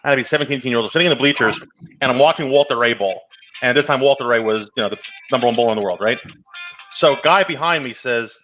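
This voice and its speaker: A man co-hosting a casual show, telling a story in a fast, animated way. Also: mid-range voice, low-quality recording. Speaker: co-host.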